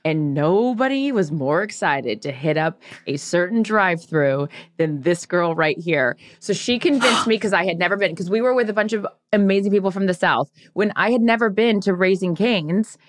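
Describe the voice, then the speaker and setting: A young adult woman co-hosting a podcast, telling stories in a lively, animated way and laughing often. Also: on the low side, normal speed, few pauses, no room sound, clean studio sound. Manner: animated storyteller, laughs often, acts out quotes. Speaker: podcast co-host. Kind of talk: casual chat.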